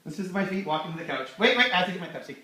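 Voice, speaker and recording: Rambling man with a bright, high voice. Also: animated, rapid-fire. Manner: rambling, crude, many fillers. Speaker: host. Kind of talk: amateur stand-up and banter. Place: home living room. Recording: echoey room from far off.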